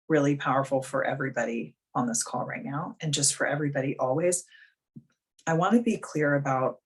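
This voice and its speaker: A woman's voice: low-pitched, slightly rough. A woman life coach hosting a live video coaching call, talking frankly and bluntly in a casual, chatty way.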